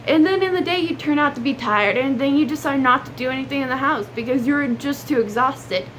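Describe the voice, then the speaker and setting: A woman's voice: high voice, fairly quick, fairly bright tone, slight background noise. A young woman, chatting earnestly in a casual advice vlog and saying y'all. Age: young adult. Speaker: vlogger.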